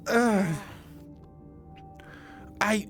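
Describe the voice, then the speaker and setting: A man with a fairly high voice in a loose, profane recap. He rambles, restarts his sentences and climbs higher when exasperated. Faint music plays behind him. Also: level tone, drawn-out words, fairly bright tone. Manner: swears often, rambling with many restarts. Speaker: roleplay streamer recapping his character's story. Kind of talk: casual chat.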